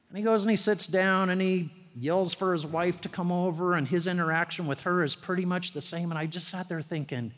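High-voiced man preaching in an echoing hall. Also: fairly quick, hardly any pauses, fairly bright tone. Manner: conversational storytelling preacher, rising emphasis on key phrases. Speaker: pastor. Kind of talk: sermon.

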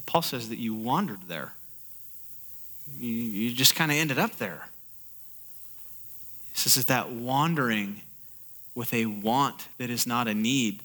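A man preaching a sermon, animated, acting out inner voices and building to urgent exhortation. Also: mid-range voice. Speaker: pastor.

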